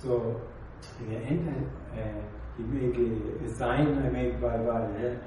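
A man, a yeshiva student, speaks in halting, broken phrases with a very dark, mellow voice. He sits well away from the microphone. A heavy room echo surrounds every word. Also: mid-range voice, steady tone, a little hiss or hum. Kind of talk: casual study discussion. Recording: very echoey, far from the mic.

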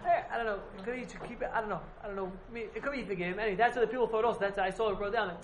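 In a laid-back Talmud class for a few students, a man with a high-pitched voice talks rapid-fire, rambling, repeating himself and hedging often. The room echoes, with slight background noise.

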